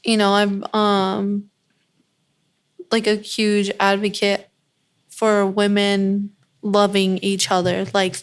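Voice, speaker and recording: Slow, earnest woman with a smooth voice. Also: medium pitch, monotone. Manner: earnest, heartfelt, measured. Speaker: guest, beauty brand founder. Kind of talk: casual podcast chat.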